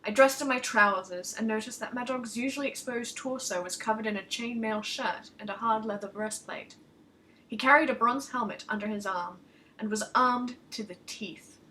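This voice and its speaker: A woman reads her own short story aloud. Her first-person narration is lively and her voice bright and fairly high. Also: moderate pace. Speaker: author reading her story. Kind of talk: story reading.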